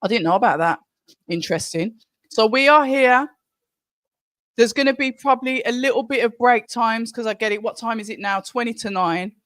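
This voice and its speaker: A woman's voice: fairly high pitch, normal speed, fairly bright tone, no echo. A middle-aged woman hosting a live stream, chatting casually and reading viewer comments aloud from home. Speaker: livestream host.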